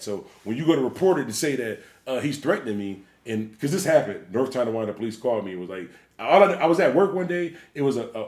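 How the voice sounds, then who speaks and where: A man's voice: mid-range voice, darkish tone. A man who is a DJ, hosting a livestream and ranting bluntly with plenty of profanity. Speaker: DJ and livestream host. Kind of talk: livestream rant. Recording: roomy echo.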